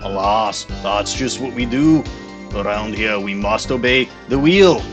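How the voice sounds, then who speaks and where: A man's voice: on the low side, expressive, unhurried. Man doing a mock Scottish brogue, exaggerated "aye" and "laddie", game music behind. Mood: playful.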